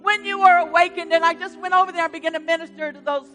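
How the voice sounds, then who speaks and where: A woman pastor preaching a sermon in a church, swinging from hushed storytelling to loud exhortation. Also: very high voice, steady tone, fast talker, faint music behind. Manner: dramatic swings from hushed to loud, retelling stories. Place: church sanctuary.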